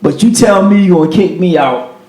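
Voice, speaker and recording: Podcast man, slightly higher voice, animated and profane storytelling, echoey room. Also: fairly quick. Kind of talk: casual podcast chat.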